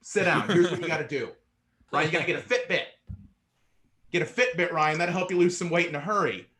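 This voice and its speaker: A woman's voice: lowish voice, a bit bright, roomy sound, natural voice. A man voicing a pushy, fit woman who fires off bossy fitness instructions. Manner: bossy, rapid-fire instructions. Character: pushy fit woman, a girlfriend taking charge.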